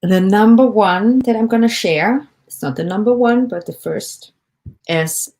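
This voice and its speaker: A woman hosting a solo podcast, talking listeners through why they feel stuck in a gentle, encouraging way and asking them questions as she goes. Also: mid-range voice, measured pace. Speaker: podcast host, life coach. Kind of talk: reflective solo podcast talk.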